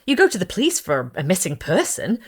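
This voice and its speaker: A woman's voice: lowish voice, huge pitch swings, fairly quick, husky, heavily acted. A woman voicing an anxious young woman who is searching for her missing groom, talking in a pleading, breathless and politely desperate way. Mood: distraught.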